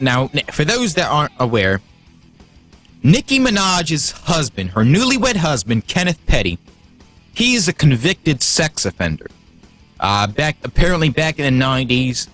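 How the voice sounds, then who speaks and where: Animated, profane man ranting. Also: on the high side. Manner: heated and profane, restarts and stumbles when worked up. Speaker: livestream host. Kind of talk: casual livestream rant.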